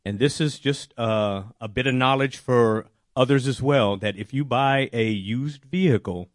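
A man telling a personal faith testimony, animated and acting out his own worried words. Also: mid-range voice, measured pace, no echo, clean studio sound. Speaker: testimony speaker.

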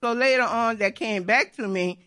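Middle-aged woman giving a church testimony, bright clear voice, earnest and repeats herself. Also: a little high, moderate pace. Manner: repetitive, earnest storytelling. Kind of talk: personal faith testimony.

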